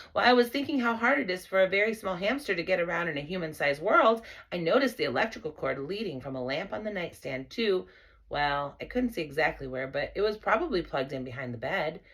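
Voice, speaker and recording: Expressive woman reading a children's story. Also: fairly low pitch, slightly rough. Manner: expressive, playful first-person narration. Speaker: audiobook reader.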